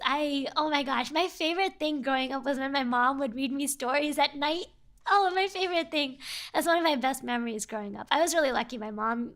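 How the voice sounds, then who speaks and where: A woman's voice: sits high, vocal fry, a bit bright. A young woman streamer telling a story in a casual, rambling way, often repeating herself.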